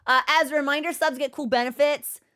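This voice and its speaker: A woman with a fairly high voice, talking casually to her stream audience. She rambles from one thought to the next and laughs easily. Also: steady tone, bright, forceful tone. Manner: chatty, rambling, quick to laugh. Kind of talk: casual livestream chat.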